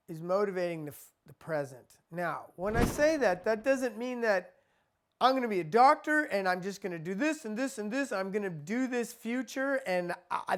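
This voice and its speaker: A man teaching a spiritual lesson in a conversational, repetitive way. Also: sits high. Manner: conversational, repeats himself, acts out quoted people.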